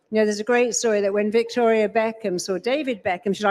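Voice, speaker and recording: A woman's voice: medium pitch, normal speed, hardly any pauses. A woman giving a live seminar talk on a stage, emphatic, slipping into quoted voices to make her points. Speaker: speaker. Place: large event hall.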